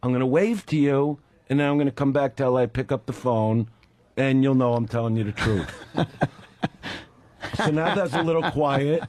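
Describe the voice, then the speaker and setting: A man's voice: medium pitch, normal speed, no echo. A man telling a long story as a radio show guest, acting out both sides of a phone call. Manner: animated, acts out both sides of phone calls. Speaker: guest comedian.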